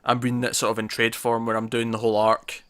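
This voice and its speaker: A man's voice: medium pitch, monotone, quick pace, fairly bright tone. A young man hosting a casual comics podcast, chatty and self-mocking, often stumbling over his words. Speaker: podcast host. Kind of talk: casual chat.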